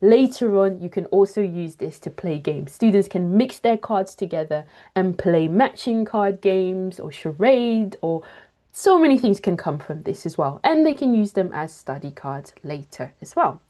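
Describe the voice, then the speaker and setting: A woman speaking over a video call as she leads a teaching webinar. She sounds upbeat and walks through each step with clear examples. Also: mid-range voice, expressive, moderate pace, dark tone. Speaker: teacher trainer. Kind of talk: webinar presentation.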